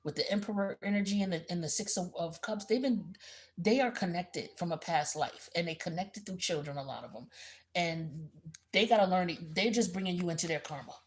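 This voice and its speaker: A woman giving a blunt, animated tarot reading in a casual, profane, slangy way. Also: on the low side, a little fast. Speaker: tarot reader.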